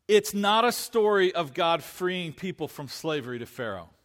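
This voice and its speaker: Male pastor mid-sermon, high-pitched, emphatic, repeats for stress, reverberant sanctuary. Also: fairly bright tone. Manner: emphatic, repeats key phrases, slows to stress words.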